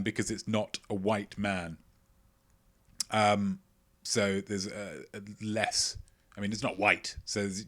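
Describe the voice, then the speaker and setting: A man hosting a casual livestream quiz, playful and self-mocking, chatting between loud remarks and mumbled asides. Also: lowish voice. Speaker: quiz show host.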